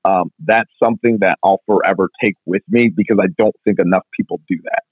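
Man, lowish voice, chatty guest, fillers everywhere, phone-like sound. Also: fairly even intonation, slightly rough, no echo. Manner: fast, filler-heavy, constant "like". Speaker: strength coach, guest. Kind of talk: casual interview storytelling. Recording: tinny phone-like line, dry.

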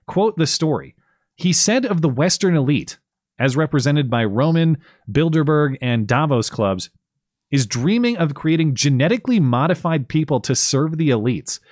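A man's voice: fairly high pitch, no echo. Dry, wry male podcast host. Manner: sarcastic, wry, casual. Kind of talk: political commentary podcast.

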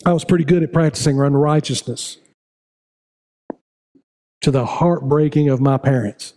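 A man's voice: a little high, moderate pace, dark tone. A middle-aged man preaching a sermon as pastor, building to raised, repetitive appeals to his congregation. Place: church sanctuary.

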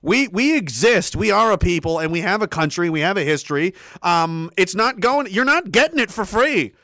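A man, streaming a profane, forceful rant and repeating himself as he builds his point. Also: sits high, animated, normal speed, dry recording, studio quality. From Canada. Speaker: livestreamer. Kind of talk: heated monologue rant on stream.

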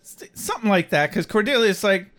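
High-voiced man telling stories animatedly. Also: brisk. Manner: animated storyteller, laughs often, acts out quoted voices. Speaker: podcast co-host. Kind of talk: casual chat recapping a TV episode.

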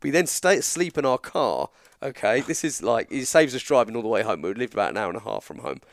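Animated English man telling a story. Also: mid-range voice, fairly quick, vocal fry, dry recording, studio quality. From England. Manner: animated, acts out dialogue in quotes. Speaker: guest storyteller. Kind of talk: casual storytelling chat.

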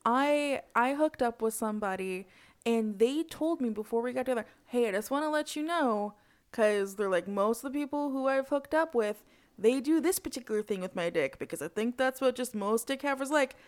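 A woman's voice: a little high, animated, normal speed. A woman co-hosting a casual chat, telling stories candidly and laughing often.

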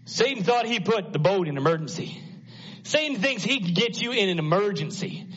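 Lively dramatic male preacher. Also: high voice, brisk. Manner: dramatic, acts out the voices in the story, swings from hushed to loud. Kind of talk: sermon. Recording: dull lo-fi sound.

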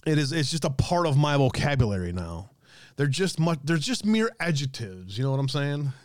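A man's voice: fairly high pitch, very animated, normal speed, dry recording, studio quality. Profane chatty male livestream host. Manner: profane, jokey, reads chat comments aloud. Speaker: livestream host reading chat. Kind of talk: casual livestream chat.

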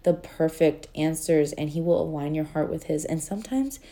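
Woman podcast host, low and warm voice, earnest chatty delivery with many fillers. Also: normal speed. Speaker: podcast host and life coach. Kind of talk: casual faith-based podcast talk.

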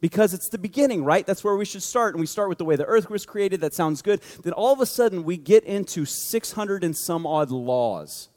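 A man with a high voice preaches a conversational sermon and slips into the voices of the people in his stories. His words ring out with a long reverb, as in a large hall. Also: animated, brisk, hardly any pauses, a little mellow. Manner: conversational, acts out quoted voices. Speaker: pastor.

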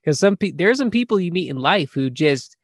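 Dude reading fan questions on a podcast, kinda high voice, laughs a lot, dry close sound. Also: male voice, lively intonation, fairly quick, slightly rough, no echo. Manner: laughing, jokey, acts out bits in whispers. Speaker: podcast co-host. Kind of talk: casual chat.

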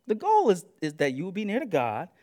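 Male preacher, high and lively, casual and slangy sermon delivery. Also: brisk. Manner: animated, conversational, slangy and laughing; repeats "listen" to press points.

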